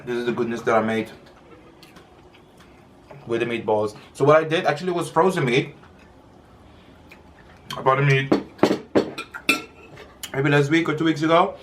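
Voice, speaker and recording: A man's voice: medium pitch, moderate pace, pauses often, a little hiss or hum. A man chatting casually while he eats in a mukbang video, rambling and stopping to chew between sentences. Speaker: mukbang vlogger. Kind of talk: casual chat while eating.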